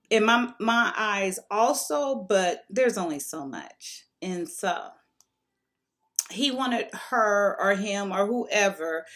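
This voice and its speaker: A woman vlogger telling a story at home in a chatty, rambling way. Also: mid-range voice. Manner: chatty, rambling, many fillers. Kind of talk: casual storytime.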